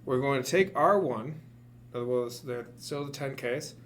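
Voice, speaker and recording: A man's voice: mid-range voice, a little hiss or hum. A man at a hobby workbench reading instructions aloud step by step, with dry jokes in between. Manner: jokey, reads steps aloud deliberately. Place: hackerspace workshop.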